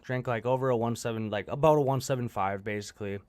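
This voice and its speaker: A man's voice: medium pitch, quick pace, a little mellow, dry recording. A young man telling his recovery story bluntly, swearing often and laughing at himself. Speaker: guest sharing recovery story. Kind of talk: candid storytelling.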